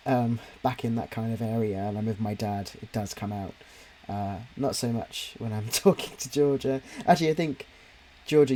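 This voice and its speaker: A man's voice: mid-range voice, mellow. A man with a slight Cockney accent from near London, chatting casually on a live drawing stream, rambling with lots of fillers and restarts. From near London, England. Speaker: stream co-host and podcast writer.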